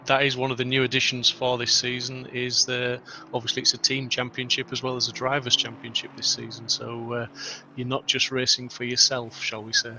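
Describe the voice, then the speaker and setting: Man co-commentating, very flat monotone, bright edgy gravelly voice, faint noise. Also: medium pitch. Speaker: co-commentator and driver. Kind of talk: sim racing commentary.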